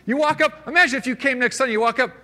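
A man pastor preaching a sermon in a church, animated, swinging between loud exclamations and quiet asides. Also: very high voice, rapid-fire.

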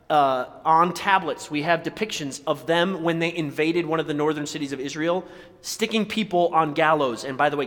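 A male pastor preaching a sermon, animated, jumping from loud exclamations to hushed, near-whispered lines. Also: fairly high pitch, long reverb tail.

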